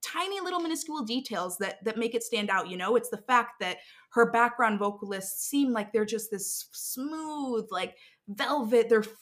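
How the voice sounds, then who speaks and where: Bright, animated young woman telling stories. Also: medium pitch. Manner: animated storyteller, many fillers and restarts. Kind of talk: casual interview chat.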